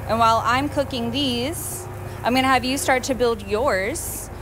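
A woman's voice: on the high side, unhurried, noisy background. A woman leading a cooking demonstration on a TV show, friendly and agreeable as she walks through each step.

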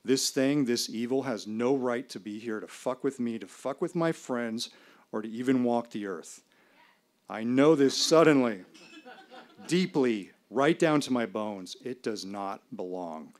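A man performing a first-person story live on stage, in a measured, dramatic delivery with pauses. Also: mid-range voice, lively intonation. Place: small live venue.

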